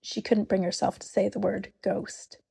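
A woman reading a storybook aloud, unhurried and expressive, often dropping to a whisper. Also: medium pitch, vocal fry, slightly rough. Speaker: narrator.

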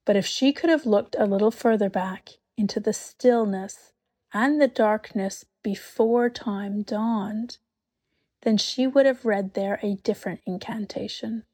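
Aslan, a grave gentle lion, as a woman reads him. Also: medium pitch, unhurried, breathy edge. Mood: solemn. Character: great noble male lion, calm and kindly. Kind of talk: storybook reading.

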